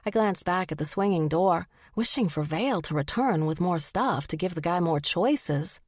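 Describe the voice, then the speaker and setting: Lady reading a first person audiobook, kinda low voice, super dry studio sound. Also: expressive, normal speed, a little mellow, dry recording. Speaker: audiobook narrator.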